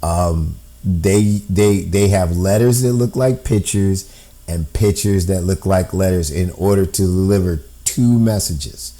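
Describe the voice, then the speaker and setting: A man's voice: deep voice, a little slow, mellow. A man explaining a code on screen step by step, thinking aloud and often checking in with "right?". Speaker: amateur code-breaker.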